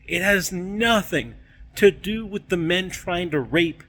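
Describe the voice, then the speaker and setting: A man's voice: high voice, animated, slow, fairly bright tone. A young man who hosts videos, casually retelling a story in slangy, profane speech and acting out the characters. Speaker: video host.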